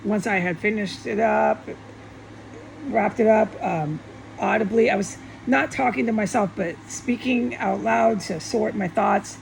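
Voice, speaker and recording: A woman's voice: medium pitch, a little slow, vocal fry, slight background noise, low-quality recording. A woman vlogger in a rambling monologue, agitated and swearing in heated outbursts.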